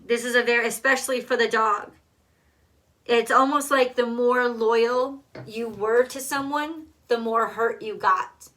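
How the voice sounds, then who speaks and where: Woman doing a casual tarot reading, bright higher voice, blunt and sweary. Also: steady tone, a little slow. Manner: blunt and emphatic, swears freely. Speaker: tarot reader.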